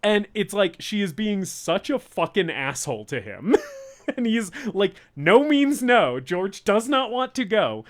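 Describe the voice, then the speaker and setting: Slightly high-voiced man, giggly profane banter. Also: very animated, unhurried. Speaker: podcast co-host. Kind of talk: casual movie-review chat.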